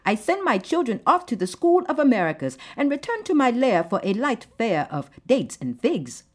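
Woman doing a pampered fugitive man, Arabic accent, sly deadpan boasting, lively sing-song rise for a satirical poem. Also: medium pitch, pitched above the performer's own voice. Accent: put-on Arabic-accented English. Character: smug pampered male fugitive leader, mock-serene. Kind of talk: satirical poetry recital.

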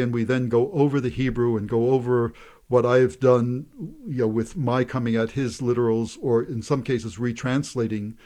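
A man's voice: medium pitch, darkish tone. A man, a poet and translator, talking through his translation work and introducing a poem, with stammered restarts. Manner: thoughtful, hesitant restarts. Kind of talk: interview and poetry reading.

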